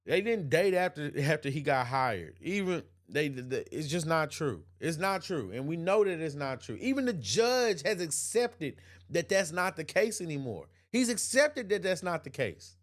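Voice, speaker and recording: A man's voice: a little high, big pitch swings, moderate pace. A man hosting an opinion livestream, reading chat comments aloud and answering them emphatically, often repeating himself and laughing. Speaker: host.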